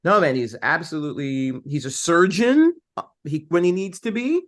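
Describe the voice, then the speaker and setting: A man who is an actor, guest on a podcast, telling lively anecdotes and slipping into quoted voices. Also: fairly high pitch, normal speed. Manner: animated storyteller who slips into voices and quoted dialogue. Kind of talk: casual interview chat.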